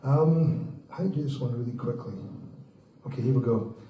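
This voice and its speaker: A man giving a brisk, joking conference talk and addressing the audience casually as folks. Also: mid-range voice, lo-fi sound, slight background noise. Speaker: conference speaker. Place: large conference hall. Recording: echoey hall, distant mic, faint ambience.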